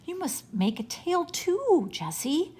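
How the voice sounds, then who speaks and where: A woman's voice: fairly high pitch, sing-song, slow, voice pushed up, heavily acted. A woman reading aloud and voicing a small, eager boy who begs and plays. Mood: pleading. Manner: pleading, childlike.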